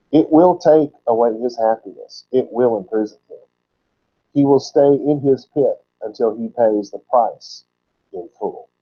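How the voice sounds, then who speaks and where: Male Bible teacher, mid pitch, sermon-style word-study delivery, slow repeats for emphasis, lo-fi recording. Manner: explains word roots, repeating words slowly for emphasis. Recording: dull lo-fi recording.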